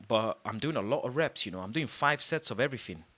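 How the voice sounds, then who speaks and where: A man's voice: medium pitch, lively intonation, fast talker, fairly bright tone. Boastful swearing man on stream. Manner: boastful, swears a lot, heated; uses street slang. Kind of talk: casual livestream chat.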